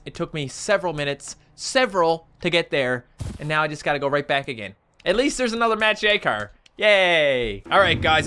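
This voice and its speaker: A man with an Australian accent giving casual let's-play commentary, chatty and animated, jumping to high panicked yelps. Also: a little hiss or hum. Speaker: gaming YouTuber.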